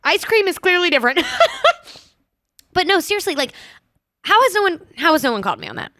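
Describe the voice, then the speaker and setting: Animated chatty woman podcast host. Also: very high-pitched, fast talker, dry recording, clean studio sound. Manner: chatty, animated, self-mocking. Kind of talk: casual chat.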